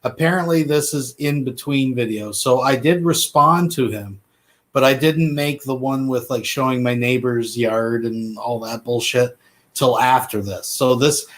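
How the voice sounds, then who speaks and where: Man, mid-pitched voice, blunt live stream commentary, from Canada, talks to viewers. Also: measured pace.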